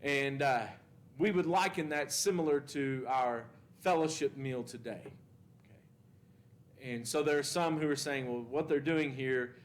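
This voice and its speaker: A man's voice: mid-range voice, a little slow. A man teaching a Bible class at church, asking the class questions and reading scripture with emphasis.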